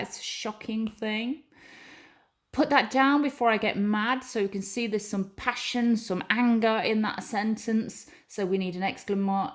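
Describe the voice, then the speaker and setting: A patient woman teacher. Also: medium pitch. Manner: clear, patient, reads example sentences aloud. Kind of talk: recorded classroom lesson.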